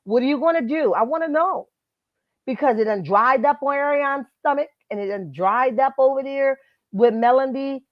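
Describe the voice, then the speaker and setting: A woman's voice: high voice, normal speed, dry recording, lo-fi sound. Sassy woman live-streaming gossip talk. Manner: sassy, emphatic, talks straight to viewers and chat. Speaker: live-stream host commenting on celebrity gossip. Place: at her workplace, indoors. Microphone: computer mic.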